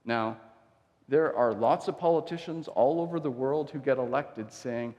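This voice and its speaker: Pastor preaching in a reverberant church. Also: male voice, medium pitch, normal speed, a little mellow, muffled recording. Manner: conversational storytelling with acted-out quotes. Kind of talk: sermon. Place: church sanctuary.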